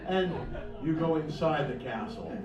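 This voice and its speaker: A man telling a second-person fantasy story at a cafe open mic. He talks slowly and dramatically, swinging between hushed and loud. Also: medium pitch. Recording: echoey room, far mic, dull, music behind.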